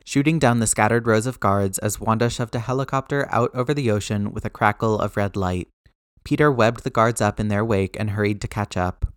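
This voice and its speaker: A man reading an action story aloud as narrator, brisk, slowing at tense moments. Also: on the low side, clear, resonant tone, no room sound, clean studio sound. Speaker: audiobook narrator. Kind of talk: scripted narration.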